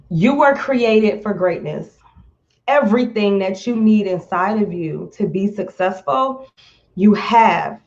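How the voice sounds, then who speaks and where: A woman speaks on a live stream in an earnest, emotional way, close to tears. She talks very slowly and often repeats words as she searches for them. The sound is slightly muffled, as from a phone or laptop mic. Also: mid-range voice, expressive, vocal fry, darkish tone. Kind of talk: heartfelt live-stream talk.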